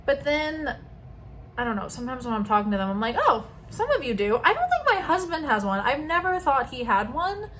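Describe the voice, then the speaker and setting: A young woman with a slightly high voice chats casually to a close-up camera, wandering off on tangents and trailing off mid-thought. A faint hiss sits under the recording. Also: big pitch swings, fairly quick, fairly bright tone. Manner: chatty, rambling, trailing into asides. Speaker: vlogger. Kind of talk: casual chat while doing makeup. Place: home at night. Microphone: camera very close to her face.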